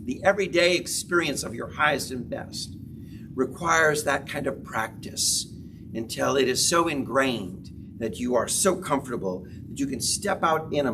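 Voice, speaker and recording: A man preaching a sermon as pastor, with dramatic swings in pitch and loudness and emphatic repetition. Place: church sanctuary. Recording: distant mic with background noise.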